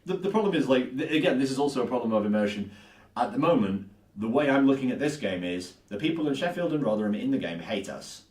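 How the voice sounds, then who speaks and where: A man's voice: medium pitch, expressive, fast, a little mellow. A young man co-hosting a casual podcast about tabletop games, agreeable and thinking aloud. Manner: agreeable, thinks aloud with frequent "yeah" and restarts. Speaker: podcast co-host and tabletop player. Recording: echoey room, far from the mic.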